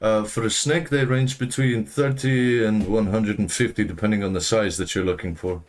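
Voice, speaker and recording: A man's voice: on the low side, fairly even intonation, normal speed, natural voice. A man voicing a nervous, apologetic market stall keeper in a tabletop game. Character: flustered middle-aged male market stall keeper.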